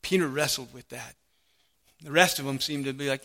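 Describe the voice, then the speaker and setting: A man preaching a sermon as pastor of a church, earnest, lifting his voice for emphasis and dropping it low for scripture. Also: a little fast, creaky, pushed and bright.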